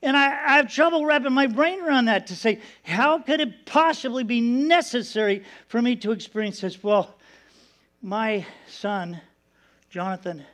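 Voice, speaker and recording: A man's voice: high voice, fairly bright tone. A middle-aged man preaching, telling a personal story with earnest emotion and acting out the voices in it. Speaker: pastor. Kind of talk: sermon.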